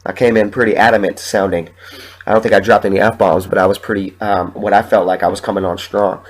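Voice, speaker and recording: A man's voice: on the low side, steady tone, normal speed, pauses often, a bit bright, rough recording. A sick man hosting a podcast, ranting in heated, profanity-laden stories and coughing from a sore chest. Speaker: podcast host. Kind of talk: casual ranting monologue.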